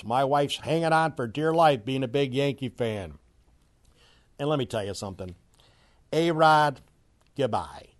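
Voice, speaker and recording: A middle-aged man ranting about sports as a commentator, mocking and loud, swinging from low grumbles to shouted outbursts. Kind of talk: opinionated sports rant.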